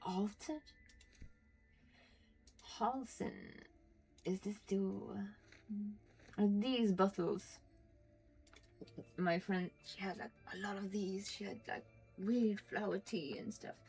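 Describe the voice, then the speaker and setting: Creaky Northern Norwegian woman streamer. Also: medium pitch, steady tone, takes it slowly, long pauses, darkish tone, soft background music, rough recording. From Norway. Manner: rambling, chatty and profane, mutters asides. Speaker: game streamer. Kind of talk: casual gaming commentary.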